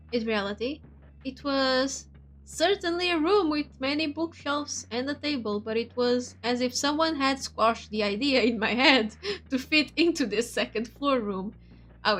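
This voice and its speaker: A woman's voice: high-pitched, a bit bright. A woman streamer, Portuguese her first language, reading a visual novel aloud and chatting with viewers in a chatty, giggly way. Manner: chatty, giggly, switches between reading and asides.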